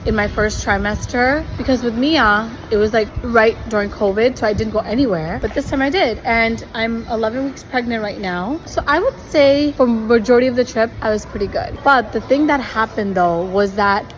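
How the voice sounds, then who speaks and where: A young woman talking casually in a video diary, chatty and animated, full of fillers. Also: on the high side, moderate pace, hardly any pauses. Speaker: vlogger. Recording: noisy background.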